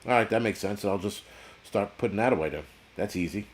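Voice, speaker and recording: Blunt, foul-mouthed man with a low voice. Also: brisk, slight background noise. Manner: blunt, crude, swears constantly, rambling. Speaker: livestream host reading chat. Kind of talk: casual profane livestream rant.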